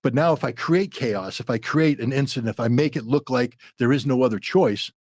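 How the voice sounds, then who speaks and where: A man's voice: medium pitch, fairly quick, darkish tone, no room sound, studio quality. A man in his sixties, a former weapons inspector and podcast guest, telling a story bluntly and acting out the dialogue. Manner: blunt, vivid retelling with dialogue.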